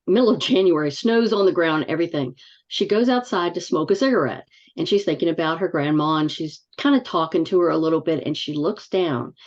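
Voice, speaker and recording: A woman in a spiritual discussion group, telling a story on a video call in a relaxed, chatty way with soft fillers. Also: deep voice. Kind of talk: casual group chat. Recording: dull lo-fi call audio.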